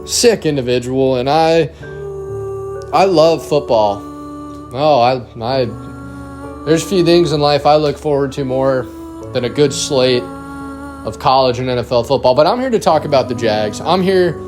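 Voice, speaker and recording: A man hosting a podcast, ranting with anger and swearing about his football team, recorded in a dim hotel room. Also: medium pitch. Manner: angry, shouting, profane rant. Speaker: podcast host. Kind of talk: ranting sports podcast monologue.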